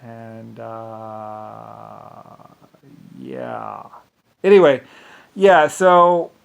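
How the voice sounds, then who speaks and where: A man's voice: mid-range voice, extremely slow, creaky, clean tone, highs cut off. A man in a casual, rambling rant, scornful, full of restarts and fillers.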